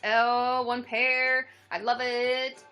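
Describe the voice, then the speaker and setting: A young woman chatting excitedly to her viewers while opening fan mail, often squealing with delight. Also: a little high, very slow. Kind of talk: casual livestream chat.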